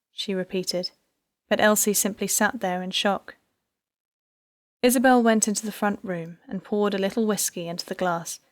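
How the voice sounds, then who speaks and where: A woman reading an audiobook in scripted narration, measured and even. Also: mid-range voice, no room sound, studio quality.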